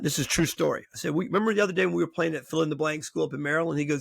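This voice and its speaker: Talking very fast with few pauses, a middle-aged baseball coach on his podcast tells stories in casual chat, animatedly imitating the people he quotes. His voice sits on the high side with vocal fry, and the studio-quality recording has no echo.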